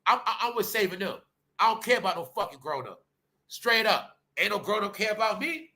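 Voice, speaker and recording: A man, ranting bluntly on his commentary channel, jumping from loud outbursts to low mutters. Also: very animated, brisk. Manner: loud, blunt and swinging between shouting and muttering.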